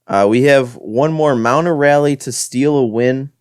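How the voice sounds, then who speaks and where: Young guy narrating his baseball game, clean smooth voice, mid pitch, kinda fed up and joking at himself. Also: measured pace, darkish tone, no echo, studio quality. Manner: frustrated, self-deprecating play-by-play. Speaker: gaming channel host. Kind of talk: gameplay commentary.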